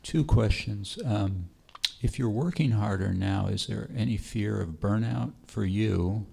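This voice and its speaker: An audience member with a low, deeply gravelly voice puts a question to the panel. His tone is dark and husky, and he hesitates as he speaks. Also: unhurried.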